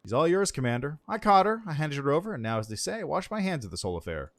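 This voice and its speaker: A man's voice: fairly high pitch, big pitch swings, quick pace, no echo. A man voicing a smug, teasing woman soldier in a fantasy game.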